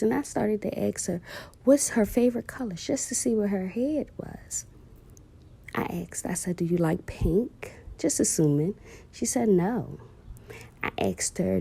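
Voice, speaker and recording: A woman's voice: medium pitch, vocal fry, mellow. A woman, heartfelt and emotional, telling viewers a personal story about her daughter and calling them "y'all".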